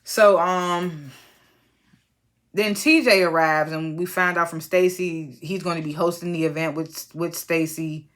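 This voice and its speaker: A woman casually recapping a reality TV episode, chatty and animated, acting out her own reactions with laughs. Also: on the low side, a little slow.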